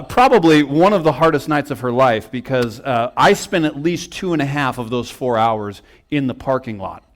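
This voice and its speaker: A young man preaching in a church, telling a personal story with self-mocking humor and acted-out quotes. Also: medium pitch. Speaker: pastor. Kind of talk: storytelling sermon. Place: church sanctuary.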